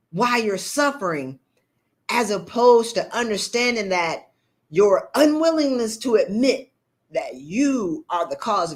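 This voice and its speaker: A woman coach, talking bluntly to viewers on a live stream and preaching at them with animated energy. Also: medium pitch. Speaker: leadership coach. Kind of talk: live-stream motivational talk.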